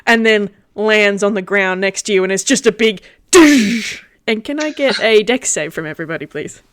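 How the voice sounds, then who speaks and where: A woman's voice: medium pitch, fairly quick, fairly bright tone, clear, resonant tone. Giggly woman narrating as game master. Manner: giggly, rambling descriptions with playful sound effects.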